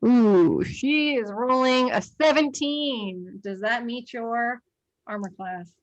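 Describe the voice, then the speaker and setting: A woman with a slightly high voice narrates a tabletop game as its game master. She talks slowly and unhurriedly, breaking into giggles and trailing off on fillers between moves. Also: highs cut off.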